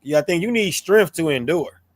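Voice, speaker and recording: Animated slangy man with a dry close sound. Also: on the high side, moderate pace, dry recording. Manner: animated, slangy, playful tones when quoting. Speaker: co-host of a scripture show. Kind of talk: casual religious discussion.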